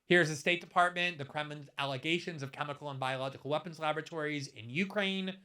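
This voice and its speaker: A man's voice: fairly high pitch, fast, bright, forceful tone, clear, resonant tone. A man in his fifties delivering a commentary monologue, emphatic and building his case through pointed rhetorical questions. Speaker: political commentator.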